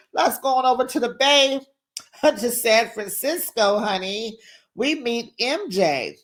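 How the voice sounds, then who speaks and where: A host giving a sassy, gossipy recap of a reality show, animated and quick to laugh, with casual slang like "honey" and "child.". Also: medium pitch.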